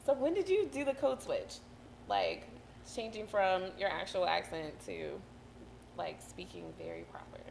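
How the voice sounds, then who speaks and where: A woman from Atlanta with a slight Southern accent, hosting a casual podcast chat, lively and quick to laugh. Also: on the low side, creaky, slight background noise. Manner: lively, laughs often, affirming. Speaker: podcast host.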